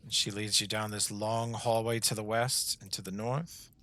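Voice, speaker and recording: A man's voice: fairly low pitch, level tone, moderate pace, pushed and bright. A man narrating a tabletop game as game master, describing scenes with occasional fillers.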